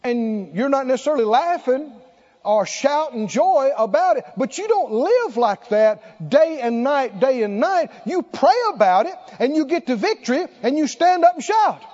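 A man's voice: very high voice, big pitch swings, moderate pace, a little mellow, highs cut off. A man preaching a sermon, emphatic and exclaiming, repeating short phrases for effect.

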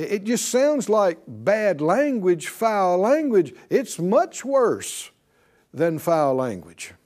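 A man preaching a sermon to a congregation, animated and playful, laughing and calling for responses. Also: sits high. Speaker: pastor.

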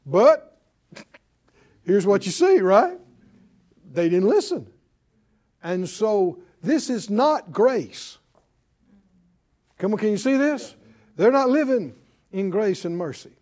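A man's voice: sits high, very animated, slow, long pauses, a little mellow. A man preacher delivering a sermon, exhorting his congregation with rhetorical questions and often repeating words as he starts a phrase.

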